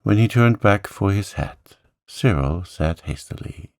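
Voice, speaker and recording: A man reading a storybook aloud in a calm, gentle sleep-story manner. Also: no room sound, clean studio sound. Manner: gentle, slow, lifts pitch for characters' lines.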